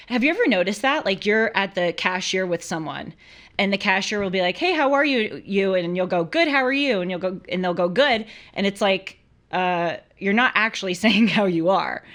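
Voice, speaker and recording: A woman's voice: medium pitch, a bit bright. A young woman hosts a live call-in show in a casual, chatty way. She talks with animation and laughs often. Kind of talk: casual live-stream talk.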